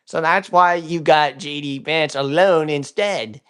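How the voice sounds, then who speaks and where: Dude hosting a stream, swears a lot, um-uh rambling. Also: male voice, fairly high pitch, unhurried, fairly bright tone, smooth. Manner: rambling, crude, many fillers. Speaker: livestream host. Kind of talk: casual political commentary stream.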